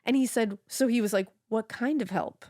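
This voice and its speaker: A woman co-hosting a podcast, telling a true-crime case in a casual, animated way, swearing freely and acting out the quotes. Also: fairly high pitch, normal speed, dry recording, clean studio sound.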